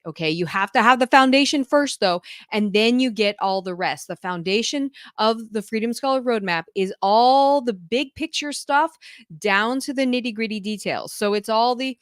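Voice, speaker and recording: A woman's voice: on the high side, animated, normal speed, a bit bright, no echo, clean studio sound. Gushing woman homeschool mentor. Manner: gushing, effusive, laughs often. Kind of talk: casual talk to camera.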